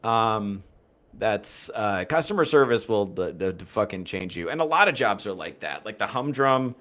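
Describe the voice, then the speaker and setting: Low-voiced rambling man chatting to his stream. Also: animated, normal speed, a bit bright. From United States. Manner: rambling, profane, wry. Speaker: podcast host reading chat. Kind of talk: casual livestream chat.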